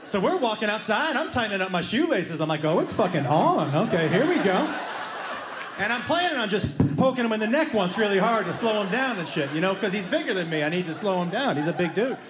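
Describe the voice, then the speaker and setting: A man doing a stand-up comedy routine, telling a story with animated energy and acting out the voices of the people in it. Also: sits high, quick pace, few pauses. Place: comedy club stage before a laughing audience. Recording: roomy live club sound with noise.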